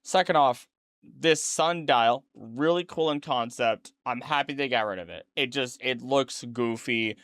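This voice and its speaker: A man's voice: mid-range voice, measured pace, fairly bright tone, smooth, dry recording. Brief: tired man, casual rambling reaction commentary, close dry mic, mid-range voice. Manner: rambling, self-correcting, chatty asides. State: tired, yawning late at night. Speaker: streamer reacting to a documentary.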